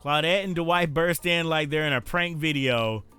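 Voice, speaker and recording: A man's voice: fairly high pitch, normal speed, bright, forceful tone, clear, resonant tone, soft background music. A man streaming a dating game, reading its text aloud with playful joking asides.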